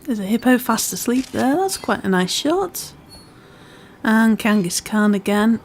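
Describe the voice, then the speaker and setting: A woman's voice: a little high, lively intonation, unhurried, a little mellow, slight background noise. A woman with a part Scouse, part Welsh accent, casually commentating a game she is playing, chatty and self-deprecating. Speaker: gaming channel host. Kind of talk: casual let's-play commentary.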